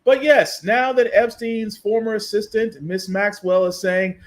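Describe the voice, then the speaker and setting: A man's voice: high-pitched, steady tone, measured pace. A man hosting a podcast, giving sarcastic, ranting casual commentary on the news. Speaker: podcast host.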